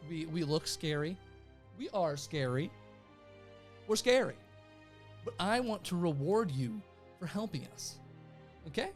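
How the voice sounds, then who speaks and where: A sly, smug inquisitor sweet-talks a crowd in salesman patter. A man acts him out in a voice near his own. His pitch swings up and down in lively loops. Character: smug male inquisitor making a sly offer.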